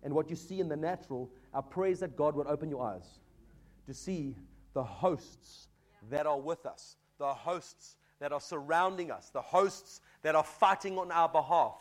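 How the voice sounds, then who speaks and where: A man's voice: a little high, moderate pace. A man preaching a sermon as pastor, earnest and exhorting, often addressing the congregation as folks.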